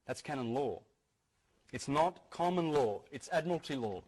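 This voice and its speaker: A man's voice: mid-range voice, expressive, moderate pace, a little mellow, husky. A man giving a talk to an audience, earnest, repeating key phrases and restarting his sentences often. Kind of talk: lecture-style talk to an audience.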